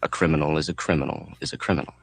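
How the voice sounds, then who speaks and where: A man reading an audiobook in a measured, deadpan way. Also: rumbling low, creaky, breathy edge, no room sound. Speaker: audiobook narrator. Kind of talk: audiobook narration.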